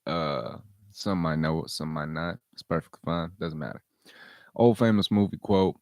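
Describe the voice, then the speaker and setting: Low gravelly man ranting. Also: moderate pace, darkish tone, no echo, studio quality. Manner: blunt, profane, repeats points for emphasis. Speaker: vlog host. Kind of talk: casual rant commentary.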